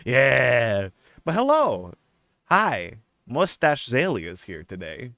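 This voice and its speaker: A young man hosts a relaxed live stream, his speech unhurried and his pitch swinging widely. His voice is smooth and clear, recorded dry and close. He stays playful, laughing often and dipping into a silly put-on accent. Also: no echo. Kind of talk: casual live-stream chat.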